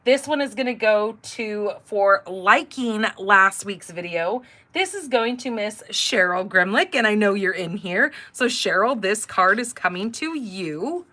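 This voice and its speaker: A middle-aged woman talks through a live paper-craft demonstration in a bright, forceful voice. She chats casually, drifts into rambling personal stories and fills pauses with "um" and "like". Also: mid-range voice, animated. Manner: chatty, rambling storyteller with filler words. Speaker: card-making class host.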